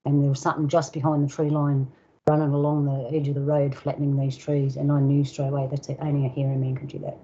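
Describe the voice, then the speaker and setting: Older woman, Australian accent, storytelling, mellow, dull lo-fi recording. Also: deep voice, monotone. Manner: unhurried, acts out dialogue and sounds. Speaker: guest elder storyteller. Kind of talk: casual spoken storytelling.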